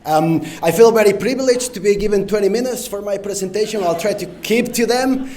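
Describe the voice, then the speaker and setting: A man's voice: sits high, brisk, darkish tone. Spanish-accented man giving a conference talk. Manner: frequent ums and uhs, engages the audience with direct prompts. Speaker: conference speaker. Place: conference hall stage.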